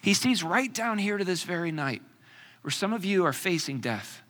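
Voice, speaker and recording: A man preaching a sermon, with dramatic pauses and rhetorical questions, swinging from loud emphasis to hushed near-whispers. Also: high-pitched, sing-song.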